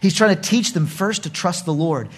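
A male pastor preaching a lively sermon to his congregation, acting out voices and laughing often. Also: sits high, moderate pace.

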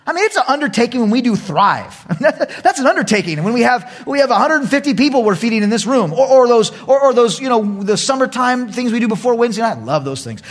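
A male pastor preaching a lively sermon to his congregation, acting out voices and laughing often. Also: very high-pitched, husky.

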